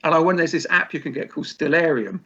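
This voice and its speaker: A man's voice: on the high side, quick pace, pushed and bright, breathy edge. A man and musician guest chatting casually on a podcast, laid-back, swearing freely and laughing often. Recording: dull lo-fi recording.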